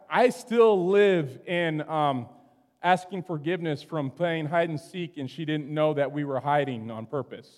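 In a church sanctuary, a middle-aged male pastor preaches in a conversational, storytelling style, repeatedly checking in with "right?" after his points. His voice is fairly high for a man and a little mellow, and a long hall reverb follows every phrase.

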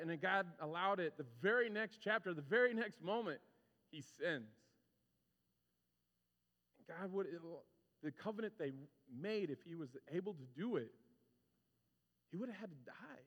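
Male pastor, high and very animated voice, casual preaching style, long hall reverb. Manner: animated, conversational preaching with acted-out quotes. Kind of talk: sermon.

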